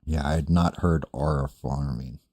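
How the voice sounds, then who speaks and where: Low, dark-voiced older man ranting casually. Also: fairly even intonation, normal speed, no room sound. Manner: profane, rambling, self-deprecating. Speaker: streamer host. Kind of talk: casual chat reading live chat.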